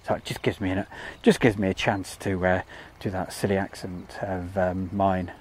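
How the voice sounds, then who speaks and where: A man's voice: deep voice, normal speed, darkish tone. A man from the UK hosting a live airfield stream outdoors, chatting casually and rambling as he reads out viewer comments.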